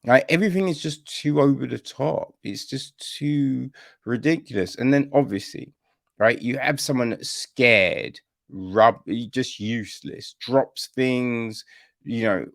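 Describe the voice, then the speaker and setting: A man's voice: mid-range voice, slow, vocal fry, fairly bright tone, dry recording, clean studio sound. A man giving a casual film review on a podcast, exasperated, and ending his points with "right?". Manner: exasperated, repeats "right?" often.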